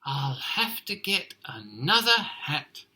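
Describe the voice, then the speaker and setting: A man doing a shrill, cross hat-loving lady. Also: very animated, slow, slightly rough, heavily acted. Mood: dismayed. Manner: shrill, exaggerated storybook shouting. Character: cross, fussy woman who loves her hats.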